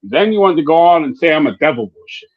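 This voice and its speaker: A man's voice: on the high side, expressive, fast talker. A man co-hosting a livestream, trading heated, profane threats and taunts. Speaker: co-host. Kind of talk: heated trash talk on a livestream. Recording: dull lo-fi stream audio.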